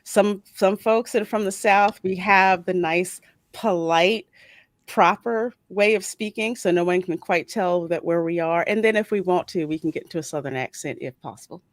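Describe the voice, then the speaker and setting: A woman's voice: lowish voice, moderate pace, dry recording, studio quality. A woman hosting a casual live stream from home, reading viewer comments aloud and laughing often. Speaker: talk show host. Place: home in suburban Philadelphia.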